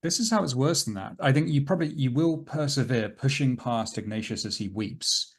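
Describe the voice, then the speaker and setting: A man narrating as game master of a tabletop game, describing scenes in a slow, dramatic way. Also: medium pitch, husky.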